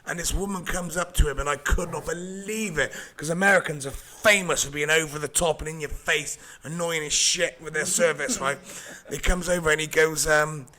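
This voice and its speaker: Pria bersuara terang, bercerita heboh. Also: male voice, a little high, normal speed, hardly any pauses. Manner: animated anecdote teller, mimics voices. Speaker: podcast co-host. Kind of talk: casual storytelling chat.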